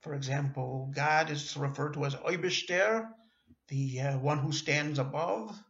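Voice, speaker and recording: In an echoey room with dull, lo-fi audio, a male teacher patiently works through a slow language lesson, using hesitant fillers and fixing his own mistakes. His slightly high, fairly bright voice is creaky and measured in pace.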